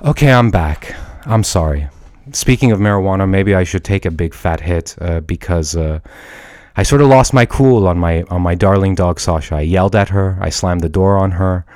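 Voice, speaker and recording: A man's voice: deep voice, normal speed, a little mellow, no room sound, studio quality. A man from Iran hosting a solo film podcast from home, rambling through his thoughts with many restarts, fillers and casual swearing. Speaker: podcast host and film reviewer. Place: at home with a dog. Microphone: studio microphone.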